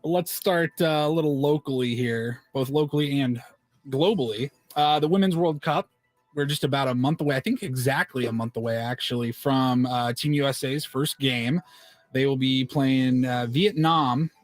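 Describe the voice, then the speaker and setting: A man's voice: mid-range voice, normal speed, no echo, faint music behind. A man hosting a casual sports radio segment, reading out news items with plenty of uh's between them. His voice is close and dry, with no room sound at all. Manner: relaxed, reads news items with fillers.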